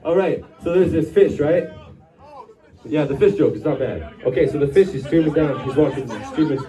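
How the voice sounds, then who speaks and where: Between songs at a bar gig, a man leading the band rambles through jokes with the audience. His voice sits a little high and dark in tone, at an ordinary pace. The recording comes from a distant room mic picking him up over the crowd and band.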